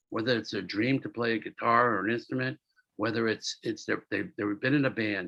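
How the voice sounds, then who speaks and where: A man's voice: medium pitch, gravelly, a bit bright, husky, no room sound, poor audio. A man being interviewed as an entertainment producer, talking casually and telling rambling stories with repeated words and acted-out quotes.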